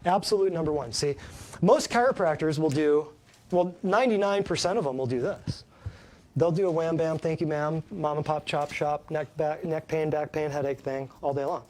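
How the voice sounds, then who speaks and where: A man's voice: fairly high pitch, moderate pace, a little mellow. Folksy chiropractor man lecturing an audience. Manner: folksy, emphatic, asks the audience questions. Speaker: chiropractor giving a health talk. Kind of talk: live talk to a small audience.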